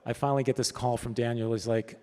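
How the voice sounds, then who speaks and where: A man's voice: medium pitch, little pitch movement, fast, dark tone. Chatty man telling stories in a hall. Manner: casual, chatty, frequent "right?" asides. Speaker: storyboard artist giving a talk. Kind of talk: conference talk, anecdotal storytelling. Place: event hall. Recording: long hall reverb.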